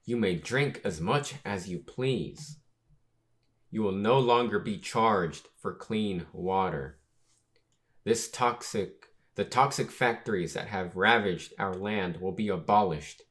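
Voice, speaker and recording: A man reading aloud as a young male ruler who makes a formal, solemn proclamation in a measured way. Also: on the low side, a bit bright.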